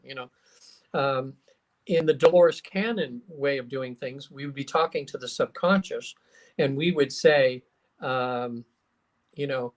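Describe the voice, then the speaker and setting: A man, a hypnotherapist and guest, telling stories in a casual, animated way, acting out quotes with plenty of fillers. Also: mid-range voice, normal speed. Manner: animated storyteller, acts out quotes, many fillers. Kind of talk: casual storytelling interview.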